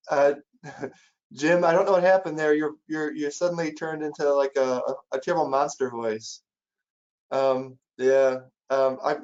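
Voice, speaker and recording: A man with a fairly high voice moderates a webinar and passes along questions from the audience. He talks casually, and the call audio is dull and lo-fi. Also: darkish tone. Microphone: video call.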